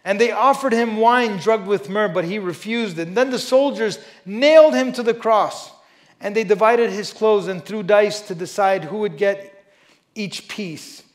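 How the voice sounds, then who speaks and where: High-voiced emphatic preaching man. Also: a little slow. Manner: emphatic, swings between loud stresses and quiet asides; conversational, with frequent "you know" asides. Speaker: pastor. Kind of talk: sermon with scripture reading. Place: church service before a congregation.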